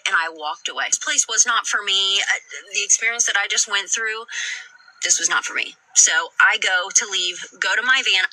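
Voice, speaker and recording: A woman's voice: mid-range voice, pushed and bright, no room sound, poor audio. A woman telling a personal story on a live stream, blunt and upset, swearing heavily. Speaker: guest telling her story.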